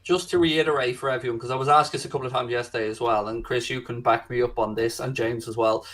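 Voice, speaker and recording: A man's voice: mid-range voice, steady tone, quick pace, a bit bright, poor audio. A man, co-hosting a casual football chat and talking in confident, emphatic long runs. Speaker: podcast co-host.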